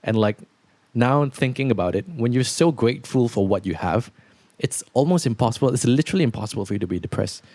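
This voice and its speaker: A young man hosting a podcast, talking in a relaxed, rambling way with lots of fillers. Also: medium pitch, fast talker, no room sound. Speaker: podcast host. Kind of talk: casual podcast chat.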